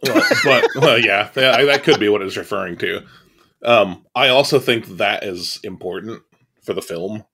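Horror podcast cohost guy, low-ish but bright voice, lots of yeahs and quick side comments. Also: slightly rough. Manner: chimes in with short agreements. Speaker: podcast co-host. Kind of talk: casual film review chat.

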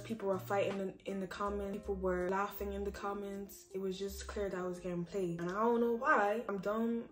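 A woman's voice: mid-range voice, level tone, brisk. A woman giving dating advice in a casual vlog, talking bluntly and swearing freely. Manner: blunt, profane and emphatic. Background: background music.

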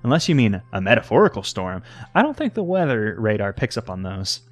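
A man's voice: fairly low pitch, big pitch swings, fairly quick. A man reading a breezy local hiking guide woman. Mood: reassuring. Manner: reading dialogue aloud, breezy and reassuring.

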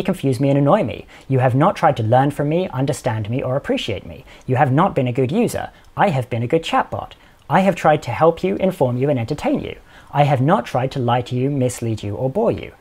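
A man's voice: medium pitch, darkish tone, slightly rough. A man reading out a prickly chatbot that insists it is right and recites its case in stiff, repeated phrases. The tone is assertive and defensive, without ever turning into anything more theatrical.

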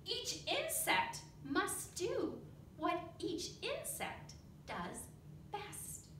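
A woman voicing an excited little bug heroine. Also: extremely slow, noisy background, heavily acted. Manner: high, excited shouting storybook voice. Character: brave little girl insect heroine, quick-thinking. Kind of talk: reading a picture book aloud. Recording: echoey classroom from far off.

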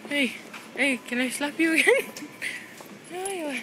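A young woman with a high, lively voice teases her family and giggles through a home video. She talks unhurriedly, and clear airport noise fills the background. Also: measured pace. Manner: giggly teasing, frequent laughter. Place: busy airport terminal.

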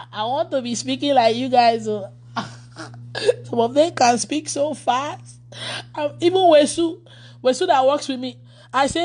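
A woman's voice: a little high, unhurried, darkish tone. A woman pastor in casual livestream chat with her followers. She laughs often and reads their comments aloud.

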